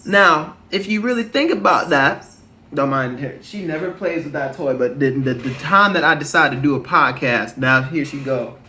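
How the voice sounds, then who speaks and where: A man's voice: a little high, expressive, normal speed, bright, forceful tone, a little hiss or hum. A man hosting a podcast alone, talking in a rambling, conversational way, often restarting sentences and turning to lecture listeners with questions. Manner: emphatic and lecturing at times, asking listeners questions. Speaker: podcast host. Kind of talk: casual solo podcast monologue.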